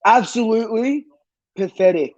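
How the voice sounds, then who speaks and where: A high-voiced man in a furious fan rant, swearing hard and hammering the same phrases over and over, often breaking into shouts. The recording is dull and lo-fi. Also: normal speed, no room sound. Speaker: football fan vlogger.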